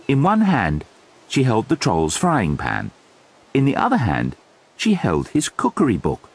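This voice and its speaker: Slow, expressive male storyteller. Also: medium pitch, slightly rough. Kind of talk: storybook read-aloud.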